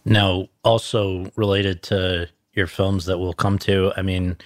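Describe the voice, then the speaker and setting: A man's voice: sits low, flat delivery, slow pace, no echo. A man hosting an interview, setting up his questions with long lead-ins. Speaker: interviewer host.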